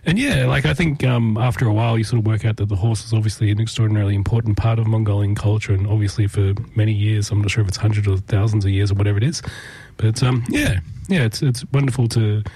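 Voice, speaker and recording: A man's voice: fairly low pitch, fast talker, vocal fry, hardly any pauses, warm tone, husky, no room sound. A man with an Australian accent, a musician guest speaking thoughtfully with many hesitations. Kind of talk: casual interview.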